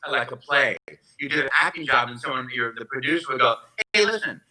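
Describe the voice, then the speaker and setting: A man's voice: mid-range voice, fairly even intonation, quick pace, sharp tone, poor audio. A man being interviewed as a voice actor guest on a live-streamed convention Q&A, telling stories effusively with many restarts, talking into a propped-up phone at home. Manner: effusive, enthusiastic storytelling with rambling restarts.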